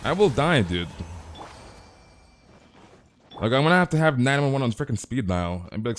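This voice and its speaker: A man's voice: medium pitch, normal speed, pauses often. Casual young man streaming a game. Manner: casual, animated, reads chat aloud, exaggerates. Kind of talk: live stream chat while playing.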